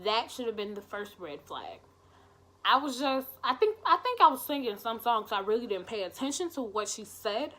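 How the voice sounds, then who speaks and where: A young woman telling a story in a casual vlog, animated and expressive, swearing freely. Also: a little high, moderate pace. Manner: animated, expressive and profane, with lots of "like" and exclamations. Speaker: vlogger.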